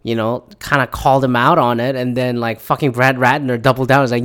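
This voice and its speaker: A man's voice: medium pitch, steady tone, fast talker, few pauses, a bit bright, smooth. Sarcastic, foul-mouthed man reacting to news. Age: 30s. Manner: sarcastic, swears a lot; reads statements aloud then reacts. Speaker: commentator. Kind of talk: profane news reaction commentary.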